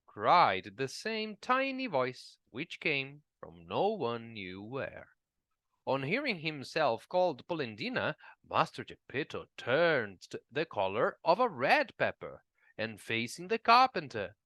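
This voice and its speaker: A man whose first language is Portuguese, an English teacher reading a children's story aloud in a slow, expressive style. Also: medium pitch, no room sound, clean studio sound. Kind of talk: storybook narration.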